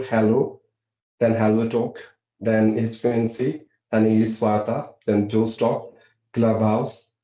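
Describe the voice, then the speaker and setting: A young man with an Indian English accent talks earnestly in a casual discussion, his pitch rising and dropping as he explains. His voice is mellow and dark. The sound is dull and lo-fi, with a noticeable room echo. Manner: earnest, lively pitch swings, many fillers. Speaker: host.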